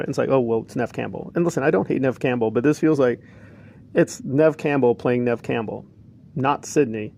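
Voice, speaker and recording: Gravelly man giving a rambling film reaction. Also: fairly high pitch, a little mellow. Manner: opinionated, rambling, with frequent asides. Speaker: film reviewer. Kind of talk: casual reaction commentary.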